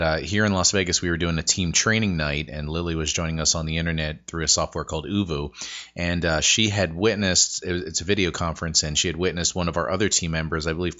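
A male host with a deep voice and a bright, forward tone lays out his points directly to the listeners. The sound is a little dull and muffled. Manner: explanatory, addresses listeners directly. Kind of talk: conversational podcast talk.

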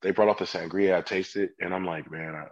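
A man from California, a sommelier guest, chatting casually and telling animated stories, acting out customers' voices. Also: low-pitched, a little fast, highs cut off. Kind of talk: casual chat.

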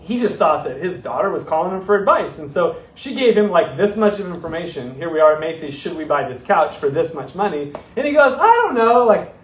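A middle-aged male pastor tells a story from the pulpit with animated, self-deprecating humor. His voice sits high and leaps all over the place. He sounds set back from the mic in a reverberant room. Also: a little fast, hardly any pauses. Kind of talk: storytelling sermon. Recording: roomy, from a distance.

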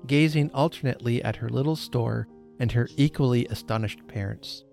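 Man, podcast host, storybook reading, measured, expressive, faint music in background. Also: medium pitch, vocal fry.

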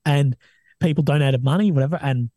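A young Australian man talks casually, cursing often and slipping into other people's voices as he tells stories. His voice is mellow and a little husky, and it sits somewhat high for a man. The sound is dry and close. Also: brisk, no echo. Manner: swears a lot, animated retelling of others' words. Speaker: guest, army veteran and journalist. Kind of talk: casual interview talk.

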